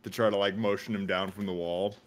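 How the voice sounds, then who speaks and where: A man's voice: low-pitched, fairly even intonation, brisk, a little hiss or hum. A young man playing a tabletop game, talking hesitantly as he checks his character sheet aloud. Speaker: player. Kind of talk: casual tabletop game chat.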